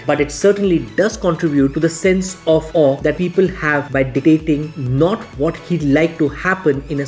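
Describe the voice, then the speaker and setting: A narrator reading a scripted self-help video essay in a measured, explanatory way. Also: medium pitch, darkish tone.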